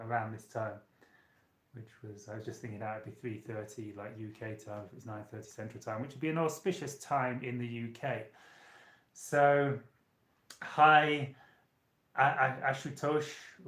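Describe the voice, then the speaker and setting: A man chats and rambles straight to his viewers as he hosts a casual live stream. His voice sits at a middling pitch. It echoes around a small, roomy hotel room. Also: a bit bright. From United Kingdom. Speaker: channeler and live-stream host. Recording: roomy echo.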